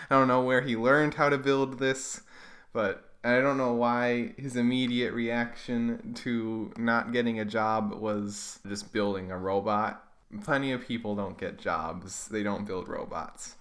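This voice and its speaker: A man's voice: mid-range voice, a bit bright. Wry man mocking his old comics. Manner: wry, self-mocking, dry asides. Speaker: webcomic creator.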